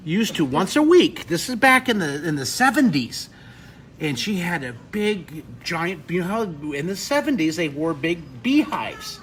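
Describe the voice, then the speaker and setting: A man's voice: sits high, very animated, a little slow, fairly bright tone, a little hiss or hum. A man in his fifties teaching drawing on a live webcast, rambling into emotional stories between drawing steps. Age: 50s.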